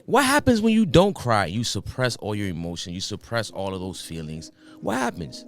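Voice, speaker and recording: A man's voice: fairly low pitch, sing-song, normal speed, soft background music. A young man hosting a solo podcast, talking earnestly and passionately, firing off rhetorical questions and swearing now and then. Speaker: podcast host.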